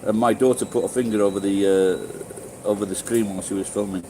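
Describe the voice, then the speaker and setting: Rambling and cursing with frequent restarts, a middle-aged Sheffield man from England chats casually with his livestream viewers. He speaks fairly quickly in a mellow, lowish voice with fairly even intonation; the recording is rough, with slight background noise.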